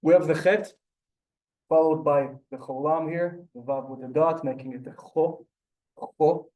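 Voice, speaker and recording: Pitched on the high side and speaking without hurry, a man leads a Hebrew language lesson, though the recording sounds dull. He breaks things down patiently, step by step, checking often that the class follows along.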